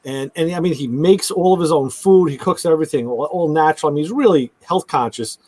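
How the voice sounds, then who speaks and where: A man's voice: a little fast, a little mellow, husky, no room sound, poor audio. A man chatting casually on a talk show, telling stories and acting out the lines of the people in them. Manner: storytelling, acting out quotes with pitch jumps. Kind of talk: casual chat.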